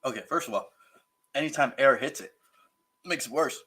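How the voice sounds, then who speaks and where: A man hosting a casual livestream while eating hot sauces, his mouth burning and eyes teary, gasping, sighing and groaning between slow remarks. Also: medium pitch, pushed and bright, breathy edge. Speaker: livestream host.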